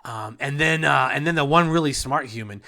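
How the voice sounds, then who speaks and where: A man's voice: medium pitch, normal speed, bright, forceful tone. A man narrating a tabletop game as game master, rambling casually, swearing and trailing off mid-sentence.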